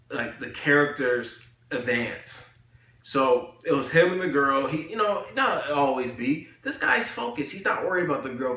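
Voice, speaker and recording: Recording a video in an echoey room, a young man reviews an anime in casual chat. His medium-pitched voice is bright and forceful as he rambles with plenty of slang and fillers.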